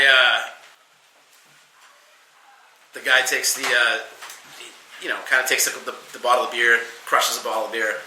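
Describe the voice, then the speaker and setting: A man on a podcast telling a wild bartending story, animated and profane, acting out every line he quotes. His voice is very bright and forward. The room sounds echoey. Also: mid-range voice, slight background noise. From New England. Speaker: podcast guest. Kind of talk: casual storytelling.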